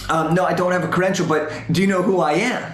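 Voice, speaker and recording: A man voicing a polite older male basketball legend in a story, speaking gently and a little puzzled. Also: high voice, fairly even intonation, quick pace. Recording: roomy echo.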